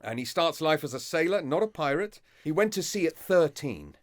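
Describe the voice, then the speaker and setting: Chatty middle-aged guy telling history stories, fairly high voice, really lively. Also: normal speed. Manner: chatty, laughs along, leads the story. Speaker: podcast co-host, storyteller. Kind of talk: casual history storytelling.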